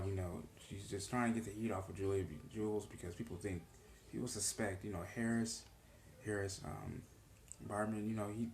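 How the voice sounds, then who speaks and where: A man's voice: lowish voice, darkish tone, echoey room, a little hiss or hum. A man recapping and reacting to a TV episode in a casual, earnest vlog, rambling with many "you know" fillers. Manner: earnest, emotionally charged. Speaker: TV show reaction vlogger.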